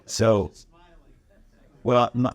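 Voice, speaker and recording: A man on a stage panel telling an animated story, acting out quotes with sudden jumps in pitch. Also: drawn-out words, no echo. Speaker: panelist actor. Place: stage panel in a museum hangar.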